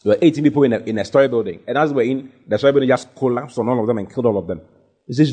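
Emphatic preaching man, warm husky voice. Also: mid-range voice, racing. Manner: repetitive, rising to emphatic preaching. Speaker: pastor. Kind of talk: sermon.

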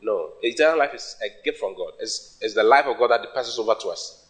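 A man preaching a sermon in English, which is not his first language; he is emphatic and his voice jumps up in sudden high bursts. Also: animated, a little fast. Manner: sings a hymn line at the start.

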